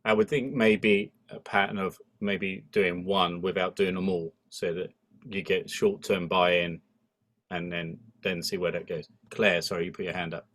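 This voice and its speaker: Guy hosting a church video call, really low voice, chatty and jokey. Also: fairly even intonation, a little slow, a bit bright, no echo. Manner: chatty, with playful asides. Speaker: host of an online church ministry session. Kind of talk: casual chat.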